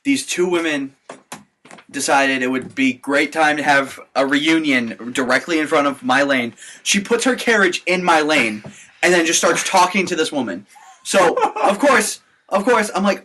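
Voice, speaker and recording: A young man co-hosting a podcast, telling work stories in an animated, casual way. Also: fairly high pitch, moderate pace. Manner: animated storyteller. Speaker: podcast co-host. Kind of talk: casual chat.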